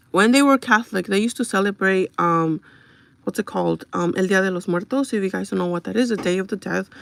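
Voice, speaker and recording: A woman's voice: mid-range voice, gravelly, a bit bright. A young woman livestreaming from home on her phone, chatting casually and confidingly with viewers and bluntly brushing off trolls.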